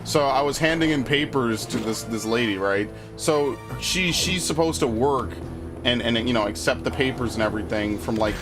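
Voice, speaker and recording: A young man streaming a game, telling a rambling story with lots of swearing and getting worked up as he talks. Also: medium pitch. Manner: rambling, swears a lot, excitable rants. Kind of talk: casual let's-play commentary. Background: game music.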